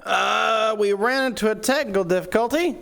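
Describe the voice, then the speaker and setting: A man hosting a game roleplay stream in a casual, chatty way. He moves between bright, loud greetings and quiet muttering. His voice swoops widely and he takes his time. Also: mid-range voice, very animated, slow pace.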